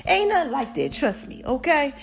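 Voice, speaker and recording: High-voiced chatty woman podcast host. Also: normal speed, creaky, faint music behind. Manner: chatty, animated, addresses listeners as babies. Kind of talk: casual storytelling monologue.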